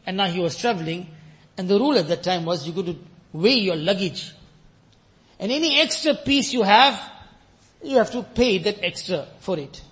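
High-voiced fervent male preacher. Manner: swings from loud fervent peaks to quiet storytelling; mixes Arabic quotations into English. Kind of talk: sermon.

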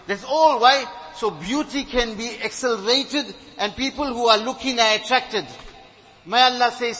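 A man's voice: very high-pitched, moderate pace, sharp tone, low-quality recording. A man preaching a sermon, earnest and exhorting, telling stories with retold dialogue.

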